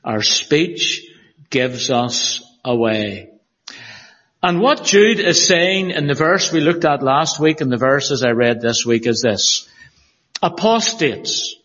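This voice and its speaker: Earnest Northern Irish preacher in a reverberant hall. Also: male voice, mid-range voice, animated, slow, fairly bright tone. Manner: earnest, emphatic preaching with dramatic asides. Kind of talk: expository sermon with prayer. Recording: dull audio with long hall reverb.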